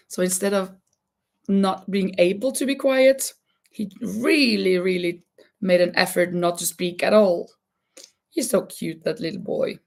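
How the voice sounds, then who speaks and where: A woman whose first language is Norwegian, hosting a casual crafting livestream and chatting in a halting way, with many restarts and a lot of laughter. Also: medium pitch, vocal fry. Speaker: livestream host and schoolteacher. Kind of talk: casual chat while crocheting.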